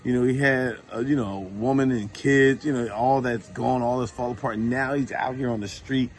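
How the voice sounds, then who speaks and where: A man casually telling true faith stories, informal and lively when he retells what people said. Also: medium pitch, moderate pace, slight background noise. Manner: informal, animated when retelling dialogue, many fillers. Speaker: Christian storyteller. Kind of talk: casual testimony to a phone camera.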